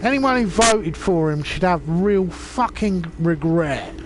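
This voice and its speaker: A high-pitched man with an English accent talks drunk, rambling from one point to the next and swearing hard as he rants. He is chatting casually on a live stream while gaming. Loud noise and passing vehicles sit under his voice. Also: expressive, slow. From England. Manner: rambling, profane ranting.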